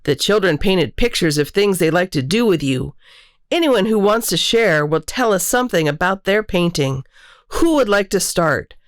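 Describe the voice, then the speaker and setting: A woman voicing a kind, patient schoolteacher in a storybook read-aloud, speaking gently and warmly. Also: fairly low pitch, animated, moderate pace, dry recording, studio quality, natural voice.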